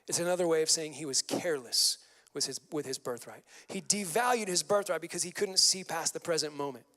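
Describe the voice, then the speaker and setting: Speaking briskly in a slightly high, sharp-toned voice, a male pastor delivers a lively sermon in a church sanctuary. He mixes scripture with casual slang, and a long hall reverb trails his words.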